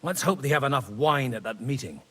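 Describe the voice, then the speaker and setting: An actor playing a blunt, boozy priest in disguise as a cardinal, grumbling and coarse in a husky voice. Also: male voice, medium pitch, expressive, fairly quick, fairly bright tone. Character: boozy irreverent male priest posing as a cardinal. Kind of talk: video game dialogue.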